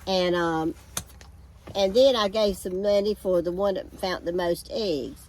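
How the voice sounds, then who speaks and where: A woman's voice: lowish voice, unhurried, darkish tone, slight background noise. An older woman, telling homey, rambling family stories in a casual outdoor chat. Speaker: co-host. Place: backyard, outdoors.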